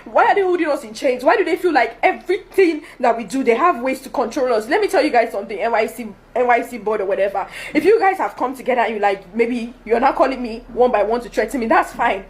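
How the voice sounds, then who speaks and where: A woman's voice: on the high side, lively intonation, fast talker, hardly any pauses. A young Nigerian woman with a Nigerian accent, complaining to her followers in a vlog and pressing one question after another, laughing in disbelief. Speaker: vlogger. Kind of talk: direct-to-camera complaint video.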